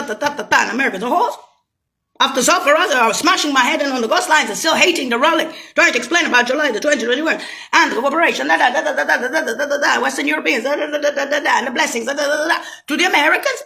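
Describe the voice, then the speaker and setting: A woman's voice: mid-range voice, vocal fry, a bit bright. A woman in a rambling, profane, sarcastic monologue, agitated and mocking. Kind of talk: ranting monologue to camera.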